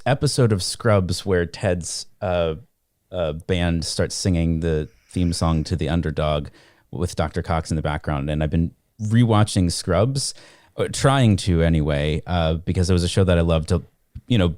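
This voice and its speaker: A man with a very low voice chats loosely on a podcast, laughing easily and wandering into tangents. The sound is dry and close. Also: moderate pace, darkish tone, no echo. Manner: chatty, laughs often, trails off into asides. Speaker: podcast co-host. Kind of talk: casual chat.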